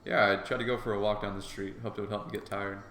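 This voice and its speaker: Man reading a game aloud, low voice. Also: little pitch movement, fast, slight background noise. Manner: casual, joking asides. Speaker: game player and narrator. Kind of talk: reading a visual novel aloud. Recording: echoey room, soft guitar music.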